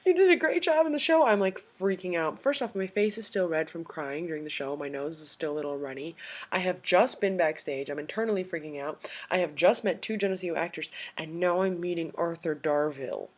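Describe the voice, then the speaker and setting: A young adult woman telling a story in a casual vlog, gushing and excitable, full of "like" and "um". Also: low-pitched, fairly quick. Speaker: vlogger.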